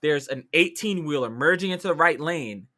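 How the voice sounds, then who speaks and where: A young man from the New York City area holds the floor as a podcast co-host, swearing freely and acting out his own reactions. His voice is bright and forceful and sits a little high. The sound is dry and close. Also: lively intonation, moderate pace, no echo. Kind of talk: casual storytelling chat.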